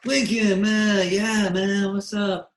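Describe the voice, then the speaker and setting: A man's voice: high-pitched, level tone, slow, pitched above the performer's own voice. A man doing an impression of a laid-back male music producer who talks in a drawling, slangy way. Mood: friendly. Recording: echoey room.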